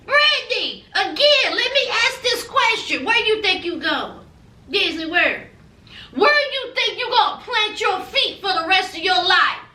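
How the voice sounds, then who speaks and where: A woman's voice: extremely high pitch, expressive, measured pace, pushed and bright. A woman recapping a reality TV episode in a sassy, gossipy, playful way. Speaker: TV reality show reviewer. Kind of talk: casual recap chat to camera. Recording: echoey room, distant from mic.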